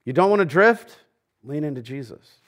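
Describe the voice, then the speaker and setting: A middle-aged man preaching a sermon as pastor in a church. He talks conversationally and drops to a near hush on key lines. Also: on the high side, expressive, normal speed. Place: church sanctuary.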